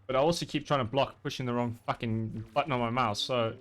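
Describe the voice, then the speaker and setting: A man chatting casually while gaming, animated and swearing freely. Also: mid-range voice, fast talker. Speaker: streamer playing a game.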